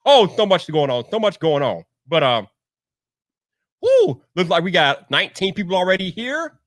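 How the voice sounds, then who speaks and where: A man hosting a tech live stream, hyping up his audience with repeated catchphrases and shouted greetings to viewers in the chat. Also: sits high, moderate pace, no room sound, studio quality. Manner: energetic, repetitive hype with shouted catchphrases. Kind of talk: hyped live-stream banter.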